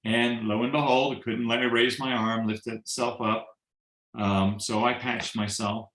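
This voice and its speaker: A man's voice: mid-range voice, measured pace, reverberant, rough recording. A man telling a personal story on a video call, acting out the dialogue and joking along the way. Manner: animated storyteller who acts out quoted dialogue and jokes. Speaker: guest sharing a testimonial.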